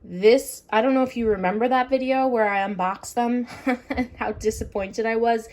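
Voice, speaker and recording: A woman's voice: fairly high pitch, fairly even intonation, normal speed, a little mellow. A woman whose voice is wearing thin chats her way through a casual tour of her home grow room. She rambles, circles back and fills the gaps with ums. She talks to a handheld camera she keeps moving around. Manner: chatty and rambling, with many fillers and self-corrections. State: losing her voice, clearing her throat. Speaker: orchid grower and vlogger. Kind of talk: casual show-and-tell vlog. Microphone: handheld camera moved around the room.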